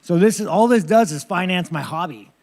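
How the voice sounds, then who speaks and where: A man's voice: high voice, expressive, brisk, a little mellow. A man, a fighter at a press conference, answering questions in a blunt, profane, rambling way.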